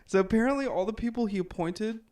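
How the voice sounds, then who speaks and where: A man's voice: high voice, fast. A man casually telling a history story on a podcast from his notes, with lots of fillers. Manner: relaxed, filler-heavy, chuckles often. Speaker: podcast host.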